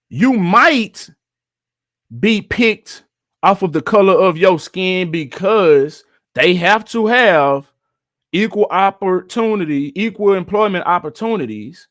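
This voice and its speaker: A man with a somewhat high voice hosts a casual livestream. He talks bluntly, laughs a lot and scoffs at views he dislikes. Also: a bit bright. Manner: blunt, laughs often, mocks what he disagrees with. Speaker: livestream commentary host. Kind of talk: casual commentary, reacting to viewer comments.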